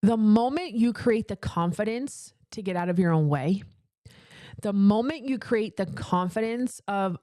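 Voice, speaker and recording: Woman, business coach, motivational livestream, emphatic repetition, chatty asides, medium pitch, dry close-miked sound. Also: measured pace, darkish tone, no room sound. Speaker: business coach for female entrepreneurs. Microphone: close microphone.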